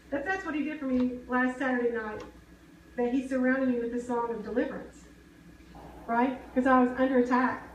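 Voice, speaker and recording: A woman's voice: sits high, a little mellow, a little hiss or hum. A woman preaching a sermon, earnest and conversational, often asking the congregation questions. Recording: echoey hall, mic at a distance.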